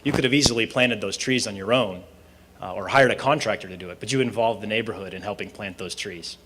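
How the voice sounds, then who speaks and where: A man's voice: fairly low pitch, fast talker, pushed and bright, husky. Man giving a chatty closing speech. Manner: conversational, frequent fillers and restarts. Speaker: speaker at a student team presentation. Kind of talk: informal closing speech with storytelling. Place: event hall at a university presentation.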